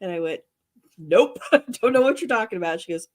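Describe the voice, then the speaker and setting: Guest woman, chatty storyteller who laughs through it, voice a bit high and swooping. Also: expressive, a little fast. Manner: laughs through her telling. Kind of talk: casual storytelling.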